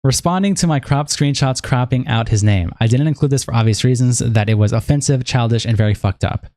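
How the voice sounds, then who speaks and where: A young man on a livestream, reading messages aloud in a casual, halting way and stopping to react. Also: medium pitch, no room sound, clean studio sound. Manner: casual, halting, reads flatly and breaks off to react. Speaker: streamer.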